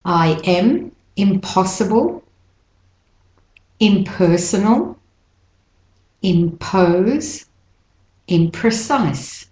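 Brief: woman, pronunciation teacher, unhurried delivery, repeats words syllable by syllable, echoey room. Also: medium pitch, lively intonation, darkish tone. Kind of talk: slow, deliberate pronunciation lesson.

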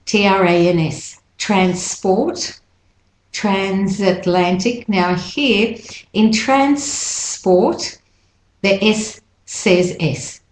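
A woman teaching pronunciation, repeating words slowly and stretching the syllables. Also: medium pitch, fairly even intonation, echoey room, a little hiss or hum, rough recording. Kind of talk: slow, deliberate pronunciation lesson.

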